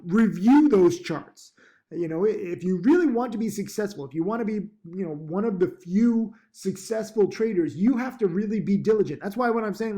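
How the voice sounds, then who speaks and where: A stock trading teacher talks casually into his laptop mic in a vlog style, with lots of ums, restarts and upbeat, pushy encouragement. His voice is high-pitched with a dark tone.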